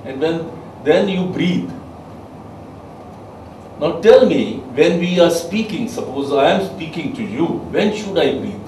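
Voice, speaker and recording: A man's voice: on the high side, expressive, takes it slowly, a little mellow, a little hiss or hum. Man lecturing in an echoey room. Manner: emphatic, asks the class questions. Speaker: soft skills trainer. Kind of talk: classroom lecture. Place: training room with a class. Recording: echoey room, mic far off.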